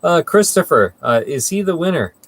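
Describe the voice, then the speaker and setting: A man hosting a ham radio net in easygoing, chatty talk, often pausing with uhs. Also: a little high, very animated. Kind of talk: casual radio chat.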